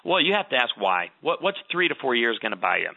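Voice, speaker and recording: Man, middle-aged, gravelly, dry close sound, earnest storytelling advice. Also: mid-range voice, very animated, quick pace, no room sound. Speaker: guest author. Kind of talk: conversational advice talk. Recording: tinny phone-like line.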